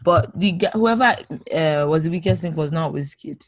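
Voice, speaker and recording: A woman co-hosting a podcast, chatting casually, animated and teasing, laughing often. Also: low-pitched, normal speed, no room sound. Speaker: podcast co-host. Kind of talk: casual chat.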